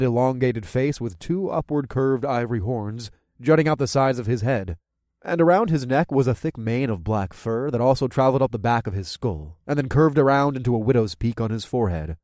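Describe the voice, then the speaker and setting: A man reading first-person fantasy narration in an expressive, lively way. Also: medium pitch, dry recording, studio quality. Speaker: audiobook narrator.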